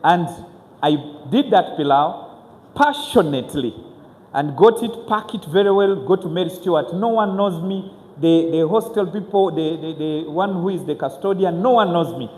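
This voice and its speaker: A man, telling his own story to an audience as a motivational speaker, earnest and halting, with frequent restarts. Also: high voice, darkish tone. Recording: echoey hall with faint ambience.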